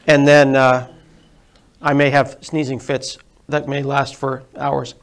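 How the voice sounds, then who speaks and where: A man's voice: mid-range voice, flat delivery, takes it slowly, vocal fry, a little hiss or hum. Sniffly guy in his 40s cracking jokes at a user group talk, kinda chatty and rambling. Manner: self-deprecating, joking, chatty. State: sniffly from a cold. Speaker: tech presenter. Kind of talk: casual live talk to an audience. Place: meeting room with a live audience. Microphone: handheld mic.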